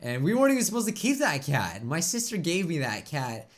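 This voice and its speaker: A man's voice: on the high side, wildly swooping pitch. A man hosting a reaction video, talking casually and rambling with many restarts, choked up and close to tears. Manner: rambling, halting, with many restarts and tearful pauses. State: tearful, choked up. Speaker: YouTube reaction host. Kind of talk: emotional casual reaction talk.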